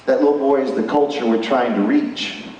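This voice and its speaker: A man's voice: mid-range voice, fairly even intonation, moderate pace, a little mellow, a little hiss or hum. A man preaching a sermon at a school chapel, emphatic and full of rhetorical questions. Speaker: chapel speaker. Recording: echoey hall, distant mic.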